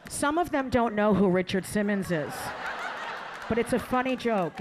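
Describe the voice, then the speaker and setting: A woman's voice: medium pitch, lively intonation, normal speed, background noise. A woman comedian doing a stand-up set on a comedy club stage, brash and crude as she teases the crowd into a handheld mic.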